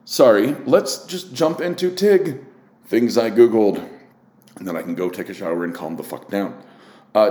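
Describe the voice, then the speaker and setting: A man's voice: on the low side, a little mellow, reverberant. A man hosting a casual solo podcast, talking candidly and rambling with restarts, swearing often and getting worked up. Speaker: podcast host.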